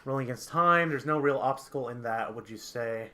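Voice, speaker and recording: A man running a tabletop game as game master, explaining rules in quick, halting bursts with many restarts. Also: medium pitch, pushed and bright.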